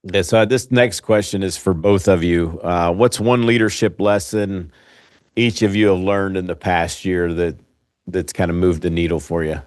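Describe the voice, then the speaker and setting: A man hosting a podcast, asking his guests questions in a relaxed, conversational way. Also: low-pitched, normal speed. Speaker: podcast host. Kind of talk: interview questions.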